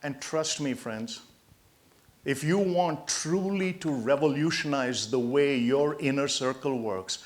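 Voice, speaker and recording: A man in his sixties from India giving a motivational talk to hospital staff, an emphatic storyteller who swings between loud punchlines and quiet asides. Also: medium pitch, takes it slowly. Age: 60s. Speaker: motivational speaker.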